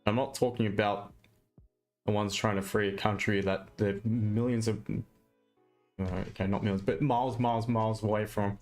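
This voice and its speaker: Australian man, lowish voice, blunt ranting stream chat, faint music underneath. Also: level tone, moderate pace, darkish tone. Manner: blunt and ranting, with mild swearing. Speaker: live trading streamer. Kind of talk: casual live-stream chat.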